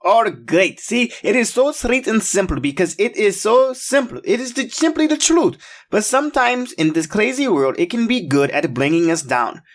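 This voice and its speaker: High, lively-voiced kids' show host. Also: male voice. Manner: slow, emphatic, coaxing call-and-response. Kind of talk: upbeat kids' show hosting.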